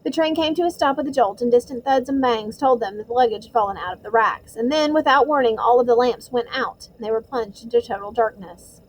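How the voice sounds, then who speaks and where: A woman's voice: on the high side, a little fast, hardly any pauses, poor audio. A woman narrating a novel as an audiobook reading, telling it expressively and stumbling over a word now and then. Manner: expressive storytelling with occasional slips.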